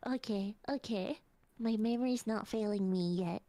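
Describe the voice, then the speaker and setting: A woman's voice: mid-range voice, normal speed, mellow, no room sound. A woman co-hosting a podcast in casual, giggly, self-deprecating chat. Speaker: podcast co-host.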